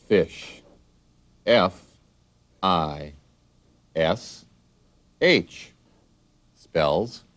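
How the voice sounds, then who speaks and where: A man's voice: sits low, no echo. A man narrating a children's learning video, asking friendly questions and spelling each word letter by letter. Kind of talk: scripted narration.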